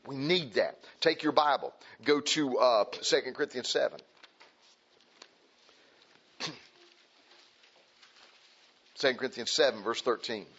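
A Baptist pastor preaching a sermon in a church, repeating phrases and asking the congregation questions. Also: male voice, mid-range voice, normal speed, long pauses, fairly bright tone, husky. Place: church sanctuary. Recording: dull lo-fi church recording.

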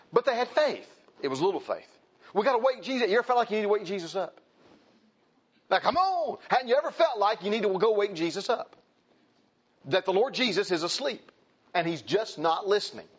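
A man preaching a sermon in an emphatic, animated way, calling out to the congregation. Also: sits high, moderate pace, pauses often, slightly rough, dull audio.

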